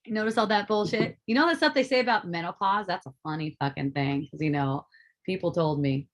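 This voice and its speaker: A woman's voice: fairly low pitch, a little fast. Middle-aged woman, spiritual teacher; loose, profane, laughing delivery. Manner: animated, swearing, laughs often. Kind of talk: casual spiritual talk.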